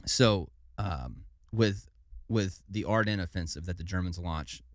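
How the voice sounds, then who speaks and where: A man with a very deep voice retells history in a relaxed podcast chat, tripping over hard names and tossing in a casual "dude". His voice is recorded close and dry, with no room sound. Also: a little slow, no echo. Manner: laid-back, stumbles over foreign names, says "dude". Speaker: podcast co-host.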